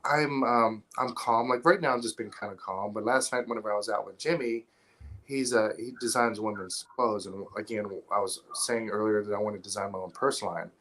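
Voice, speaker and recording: A man's voice: lowish voice, fairly even intonation, a little fast, fairly bright tone. A man as a podcast guest, talking bluntly and profanely in casual chat, rambling through stories. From Atlanta area, US. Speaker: podcast guest, film installer.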